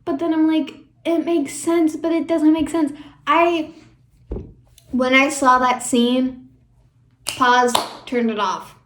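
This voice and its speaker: A woman's voice: sits high, fairly even intonation, slow, long pauses, fairly bright tone. A young woman casually talking over a show as a YouTuber, rambling and emotional, with many fillers. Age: young adult. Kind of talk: casual fan commentary. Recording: echoey room.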